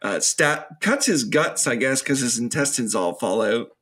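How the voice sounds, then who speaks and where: A man co-hosting a casual film review podcast, retelling scenes in an animated way. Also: medium pitch, normal speed. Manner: animated, jumps into voices while retelling scenes. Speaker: podcast co-host.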